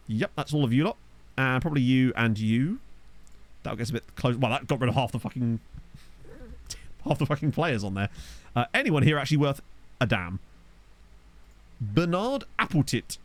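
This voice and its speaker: Lively, chatty man gaming. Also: medium pitch. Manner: chatty, swears casually, laughs at own jokes. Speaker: gaming YouTuber. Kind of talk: let's play commentary. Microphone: desktop USB microphone.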